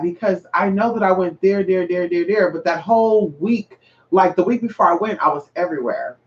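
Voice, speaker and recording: A sassy man with a high voice chats to his viewers about his spiritual readings. He swears freely and keeps breaking into loud exclamations. He sounds a little far from the mic, on a dull lo-fi recording. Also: brisk. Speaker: spiritual reader and vlogger. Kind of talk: casual chat to viewers.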